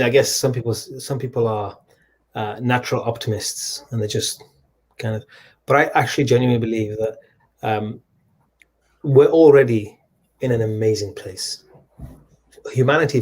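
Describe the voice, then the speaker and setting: A man telling stories as a guest in a conversation, animated and full of restarts. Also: medium pitch. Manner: animated storyteller with frequent restarts. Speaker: guest, humanitarian charity leader. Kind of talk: storytelling in a conversation.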